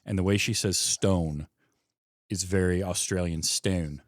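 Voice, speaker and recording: A man with a Michigan Midwest accent hosting a podcast, chatting about a film with quick, enthusiastic asides. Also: low-pitched, fairly even intonation, no room sound, studio quality. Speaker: podcast host. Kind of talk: casual film discussion.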